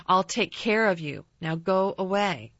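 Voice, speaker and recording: A woman's voice: medium pitch, expressive, fairly bright tone, no echo. A woman doing a haughty spoiled boy. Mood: commanding. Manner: slow, haughty and demanding. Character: imperious sickly young boy, spoiled and commanding. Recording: slightly dull dry recording.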